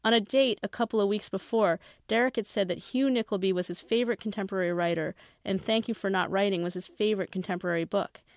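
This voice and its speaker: A woman's voice: medium pitch, quick pace, hardly any pauses, dry recording, clean studio sound. A woman, the author, introducing and reading aloud from her own novel in a wry first-person voice.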